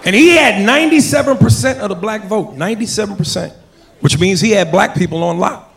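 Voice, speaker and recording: A man doing a stand-up routine on a comedy club stage, building up to shouted punchlines. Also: high voice, brisk, a faint crowd. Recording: roomy live club recording with audience.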